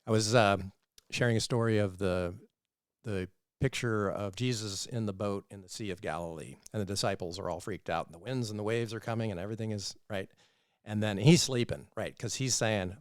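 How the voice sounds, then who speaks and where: A man hosting a faith-based podcast, telling stories in an animated, earnest, preaching manner. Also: fairly low pitch, moderate pace, clear, resonant tone, no echo, studio quality. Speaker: podcast host.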